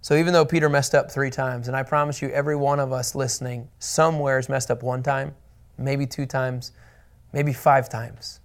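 A man's voice: medium pitch, little pitch movement, fairly quick, gravelly. A man teaching the Bible as a pastor, earnest and emphatic, repeating his key points.

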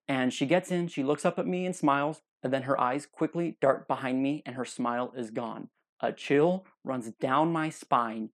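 A young man hosting his own podcast, telling a funny personal story and acting out what other people said. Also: fairly high pitch. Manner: animated, acts out other people's lines. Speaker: podcast host.

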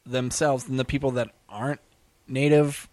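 A man's voice: mid-range voice, fairly even intonation, normal speed, a little mellow, dry recording. A man in a casual chat, talking hesitantly, trailing off and laughing often.

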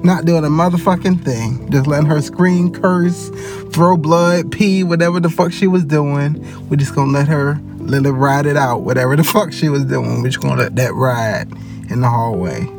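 A man hosts a loose, casual podcast in a fairly high voice. He tells stories with plenty of swearing and breaks into laughter often. Music plays clearly in the background. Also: moderate pace. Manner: profane, laughs often, animated storyteller. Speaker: podcast host and ambulance worker.

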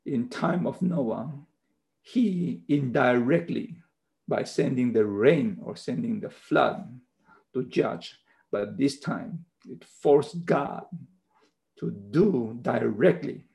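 A pastor preaches a sermon, slowly teaching through a Bible passage in non-native English and emphatically checking in with repeated "okay"s. His mid-range voice is gravelly with a darkish tone, and the recording quality is low.

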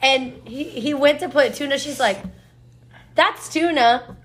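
High-voiced woman telling lively stories. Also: normal speed. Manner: animated storyteller who acts out quotes. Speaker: childcare worker. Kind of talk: casual podcast chat. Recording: noisy recording.

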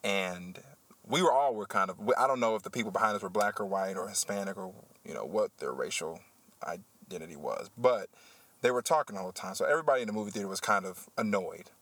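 A man who works as a teacher, hosting a casual podcast chat and telling a story with animated, heated energy. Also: on the low side, fast talker, no room sound. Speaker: podcast host.

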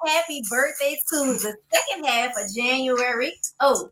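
A woman with a fairly high voice hosts a casual podcast. She laughs often and keeps the talk lively and encouraging. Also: normal speed, few pauses, background noise. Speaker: podcast host. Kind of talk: casual chat.

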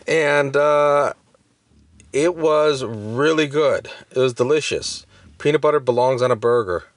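A man's voice: medium pitch, measured pace, no echo. A man in his thirties co-hosting a podcast in casual chat, hesitant with many fillers and restarts. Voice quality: hesitant, many uhs and self-corrections. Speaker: podcast co-host.

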